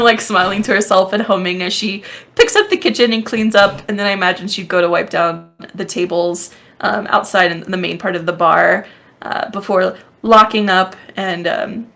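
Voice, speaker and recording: A woman player in a tabletop role-playing game, narrating her character's actions softly and hesitantly, with many fillers. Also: medium pitch, moderate pace, vocal fry.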